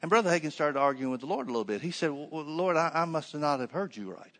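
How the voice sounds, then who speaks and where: A man's voice: on the high side, expressive, quick pace, a bit bright, big-room sound. A man preaching a conversational sermon, telling a story with many fillers and restarts.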